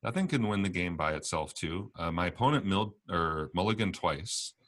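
Deep-voiced man chatting casually. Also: animated, moderate pace, a bit bright. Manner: rambling, laughs often, trails off at ends. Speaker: podcast co-host. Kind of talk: casual card game chat.

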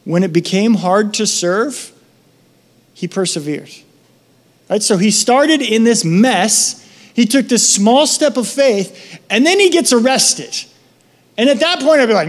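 A high-voiced man preaching to his congregation. He tells stories with energy, acting out the voices of the people in them. For reflection and prayer he drops to a soft, low tone. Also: measured pace. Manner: animated storytelling, acting out voices in his anecdotes. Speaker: pastor. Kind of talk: sermon.

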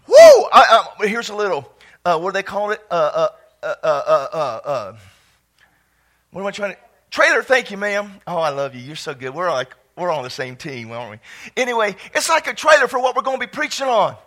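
A man preaching a sermon from a church pulpit, fervent and prone to sudden excited shouts. His voice sits high for a man. It has a bright, ringing edge. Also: fairly quick. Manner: fervent, bursts into shouts and exclamations. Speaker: pastor.

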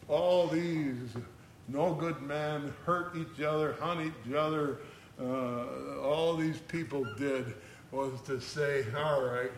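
Slow, conversational male preacher. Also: on the high side, steady tone, a little hiss or hum. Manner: conversational preaching, voices scripture with rising emphasis. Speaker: pastor. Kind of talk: sermon.

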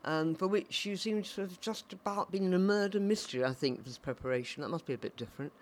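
A woman's voice: lowish voice, fast. A woman hosting a podcast, chatty and meandering, often restarting her questions. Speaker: podcast host. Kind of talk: interviewing a guest. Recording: faint background noise.

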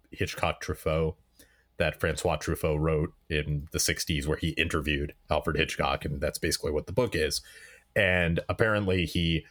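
A man's voice: extremely low pitch, fairly bright tone. A man co-hosting a casual film podcast, asking questions and hesitating as he looks for words. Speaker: podcast co-host.

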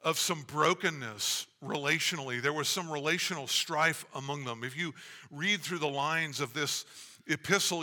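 A man preaching with an earnest, measured delivery, his fairly high voice sharp and forceful. He often restarts his phrases as he builds his point. A long reverb from the church hall trails after each line. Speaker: pastor. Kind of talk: sermon. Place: church sanctuary.

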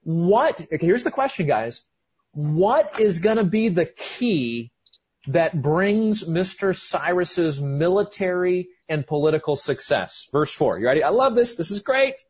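A man preaching a sermon, excited and emphatic, often restarting his sentences. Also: high voice, a little slow, husky, lo-fi sound.

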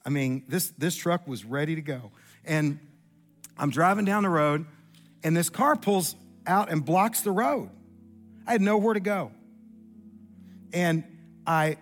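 A man, preaching a sermon through an earnest, folksy story from his own life. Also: on the high side.

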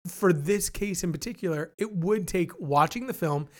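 A man's voice: high voice, moderate pace. A man co-hosting a podcast, talking things through in a thoughtful, hedging way with many restarts. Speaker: podcast co-host. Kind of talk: casual discussion.

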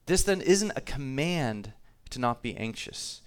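A man's voice: medium pitch, animated, a little slow, few pauses, smooth. A man preaching a sermon to his congregation, talking easily, reading scripture aloud and repeating himself now and then. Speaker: pastor.

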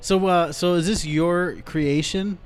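A man's voice: sits high, fairly even intonation, takes it slowly, clean tone. A man hosting a podcast, casually chatting and telling stories in a mumbly, rambling way. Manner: mumbly, rambling storyteller with restarts. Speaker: podcast host. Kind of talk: casual chat.

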